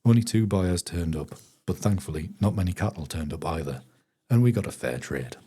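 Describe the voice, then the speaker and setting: Deep husky man reading a diary aloud. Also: lively intonation, warm tone. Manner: unhurried reading broken by chatty asides to viewers. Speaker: streamer reading a book aloud. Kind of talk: reading a diary book aloud on a live stream.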